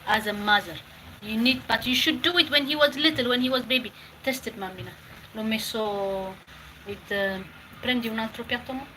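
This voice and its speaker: A woman chats as she cooks in a home kitchen, her voice sitting a bit high. She repeats herself and drops Italian words into her talk. Dishes and pans clatter clearly behind her. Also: normal speed, background noise. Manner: talks while cooking, repeating phrases, mixing in Italian words. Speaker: home cook vlogger. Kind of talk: casual cooking vlog with advice.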